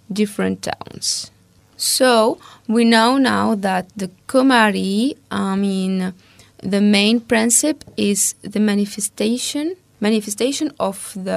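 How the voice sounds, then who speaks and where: A woman co-hosting a casual talk, reading researched notes aloud steadily and pausing over hard names. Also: medium pitch, vocal fry, no room sound.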